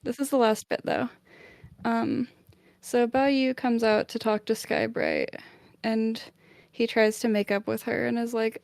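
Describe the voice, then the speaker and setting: A woman with a fairly high voice retells a novel chapter for a book club podcast. She talks in a chatty, animated way, full of "like" and quick asides. The sound is dry and close, with little room tone. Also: gravelly, no room sound. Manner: chatty, lots of "like", animated summarising.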